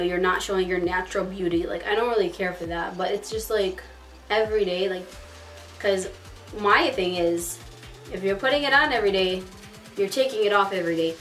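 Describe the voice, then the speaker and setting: Quick chatty girl doing a makeup vlog, says like a lot, mic kinda far off. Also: mid-range voice, a bit bright. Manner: fast-talking, chatty, lots of "like". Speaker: beauty vlogger. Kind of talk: casual makeup tutorial chat. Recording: distant mic, faint background music.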